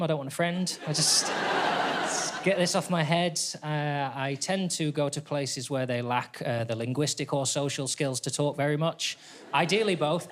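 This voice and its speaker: A man's voice: fairly high pitch, heavy background noise. A man, doing a dry, self-deprecating stand-up routine on stage. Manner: deadpan, self-deprecating, wry. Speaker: stand-up comedian. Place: theatre stage with audience laughter.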